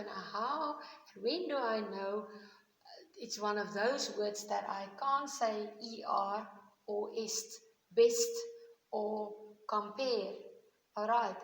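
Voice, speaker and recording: A woman's voice: on the high side, fairly bright tone. A woman teaching a grammar lesson on video, explaining patiently step by step. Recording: echoey room with long reverb.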